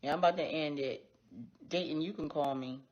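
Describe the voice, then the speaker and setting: A woman's voice: low voice, brisk, darkish tone. A woman hosting a casual livestream, talking bluntly and with plenty of profanity straight to her viewers. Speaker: livestream host. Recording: dull lo-fi stream audio.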